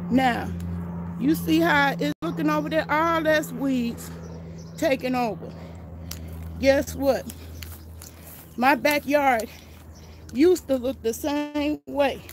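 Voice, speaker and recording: A woman's voice: high voice, slow pace, pauses often, a little hiss or hum. An older woman, out of breath, chatting folksily as she walks viewers through her backyard garden outdoors on a phone. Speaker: gardening vlogger. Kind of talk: casual walking garden tour.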